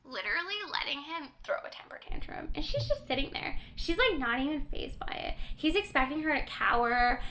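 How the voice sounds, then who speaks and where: A woman's voice: sits high, a little fast, hardly any pauses, slight background noise, rough recording. A young woman casually recapping a book on a podcast, animatedly acting out the characters' lines. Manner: animated storytelling, acts out quotes. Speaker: podcast co-host.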